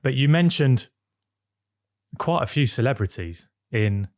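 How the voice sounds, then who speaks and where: A man's voice: mid-range voice, animated, measured pace, dry recording, clean studio sound. A man hosting an interview podcast, asking questions in a hesitant, stumbling way. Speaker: podcast host.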